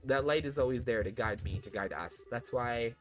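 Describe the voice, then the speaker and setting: A man's voice: medium pitch, moderate pace, soft background music, close to an everyday voice. A man voicing a sincere young male swordsman in a video game, speaking with devotion. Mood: earnest.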